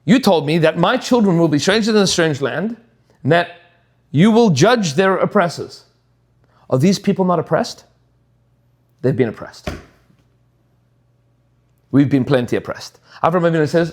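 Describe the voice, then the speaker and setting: Expressive high-voiced rabbi teaching. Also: male voice, normal speed, long pauses. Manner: expressive storytelling, dipping low for asides. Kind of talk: Torah class teaching.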